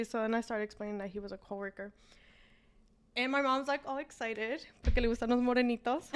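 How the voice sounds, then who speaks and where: Lively bilingual woman telling her story. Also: a little high, fairly quick, clear, resonant tone. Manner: code-switching between English and Spanish, animated storytelling. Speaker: interview guest, business owner. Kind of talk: casual interview storytelling.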